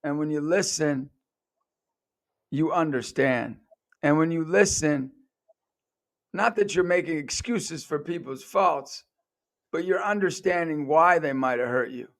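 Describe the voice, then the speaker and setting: A man's voice: on the high side, unhurried, pauses often. A man hosting a podcast, telling personal stories in an earnest, conversational way and acting out the voices of the people he quotes. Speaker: podcast host.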